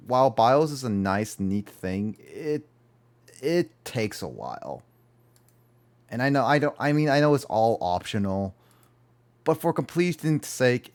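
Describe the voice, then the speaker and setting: A man streaming a video game, chatting casually and rambling, correcting himself as he talks. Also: mid-range voice. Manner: rambling, self-correcting, animated. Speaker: gaming streamer. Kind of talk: casual livestream chat.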